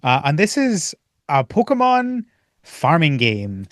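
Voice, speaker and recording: A man co-hosting a casual gaming podcast, excitable, acting out his own reactions. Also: fairly high pitch, takes it slowly, no echo, clean studio sound. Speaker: podcast co-host.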